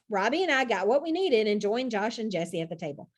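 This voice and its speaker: A woman narrating a children's storybook in the first person, with an expressive reading style. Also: fairly high pitch, fairly quick, few pauses.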